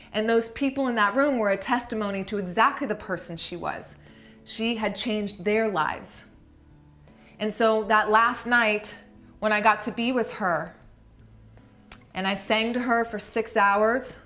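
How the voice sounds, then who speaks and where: Brief: adult woman, heartfelt storyteller, slows and hushes on key moments. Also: medium pitch. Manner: heartfelt, slows down for emphasis, softens to a hush. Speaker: speaker telling a personal story. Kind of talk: emotional personal storytelling talk.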